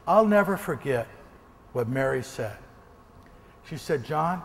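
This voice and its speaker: A motivational speaker from the American Northwest, a man, telling a lively story during a keynote and acting out gunshots. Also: on the high side, moderate pace, in a large hall. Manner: animated, acts out gunshots and quoted voices. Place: large hall before an audience.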